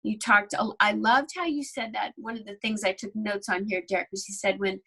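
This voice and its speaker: A woman hosting a livestream interview, warmly affirming and summarizing the points discussed. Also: mid-range voice, fairly even intonation, a little fast, gravelly, slightly rough, rough recording. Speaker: livestream host.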